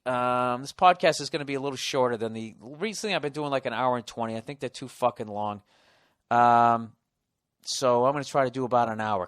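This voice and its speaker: A man in his forties rambles through a profane, self-mocking solo podcast monologue. His voice sits at an everyday middle pitch. It is recorded close and dry, with no room sound. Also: no room sound. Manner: rises to loud excited outbursts. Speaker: podcast host.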